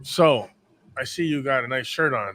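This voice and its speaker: A man's voice: mid-range voice, normal speed, fairly bright tone. A man co-hosting a cigar podcast in a studio, joking and teasing the guest in casual banter. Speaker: podcast co-host.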